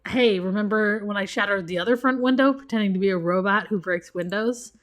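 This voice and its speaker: A woman reading the lines of a sassy, deadpan teenage daughter in a video game, close to her own voice. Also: mid-range voice, a little fast, lightly acted. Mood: teasing.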